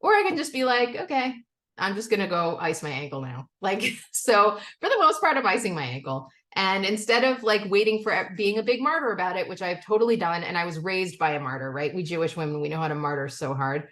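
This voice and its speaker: A woman's voice: medium pitch, brisk, hardly any pauses. A middle-aged woman speaking candidly in a recovery step study. She talks casually with frequent "okay?" and "like" and swears freely. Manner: candid, animated, acts out quotes of family. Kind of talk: personal share in a recovery meeting.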